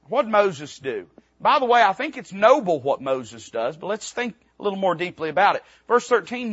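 Pastor, man, high husky voice, King James scripture readings, loud peaks and quiet lows, dry muffled sound. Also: very animated, moderate pace, dry recording. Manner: reads scripture aloud in King James wording, then retells it plainly; swings between loud emphatic peaks and quiet low passages. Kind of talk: sermon. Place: church sanctuary.

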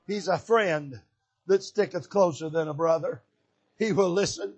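An older man from Michigan preaching a sermon from a church pulpit, swinging between shouted exhortation and hushed, soft emphasis. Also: high-pitched, measured pace, slightly rough, lo-fi sound. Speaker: pastor.

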